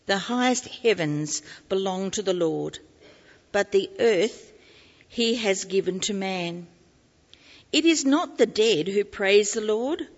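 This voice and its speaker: A woman reading scripture aloud in church, slow and deliberate. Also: medium pitch, big-room sound, lo-fi sound. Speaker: scripture reader.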